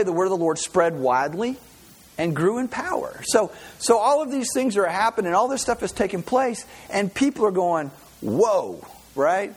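A male pastor preaching a sermon, telling Bible stories in an animated way and often stringing thoughts together with "and". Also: sits high, husky. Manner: animated, storytelling, with many repeated "and"s.

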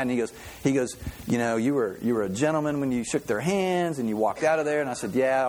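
Chatty man preaching a relaxed sermon. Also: mid-range voice, a little hiss or hum. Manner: chatty, repeats words and restarts, laughs easily. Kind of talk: conversational sermon with personal story.

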